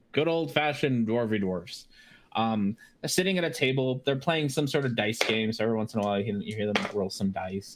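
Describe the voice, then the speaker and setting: A man narrating as game master of a tabletop game, hesitant with many restarts. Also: mid-range voice.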